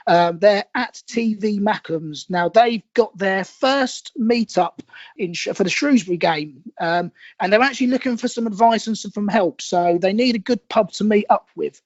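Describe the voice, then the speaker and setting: A man's voice: sits high, moderate pace, dry recording, highs cut off. A man hosting a casual fan podcast, talking loosely with many fillers and easy laughs as he moves the show along. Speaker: podcast host.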